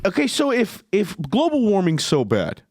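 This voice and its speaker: Man, podcast co-host, rambling crude banter, lively swinging pitch, dry close sound. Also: moderate pace, dry recording. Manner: rambling, crude, many restarts. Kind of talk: casual comedic banter.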